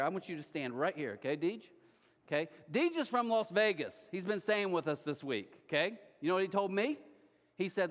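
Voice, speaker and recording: A male pastor preaching a sermon in an animated, joking way, acting scenes out with a volunteer in a church auditorium. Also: high-pitched, a little fast. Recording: long reverb of a large church hall.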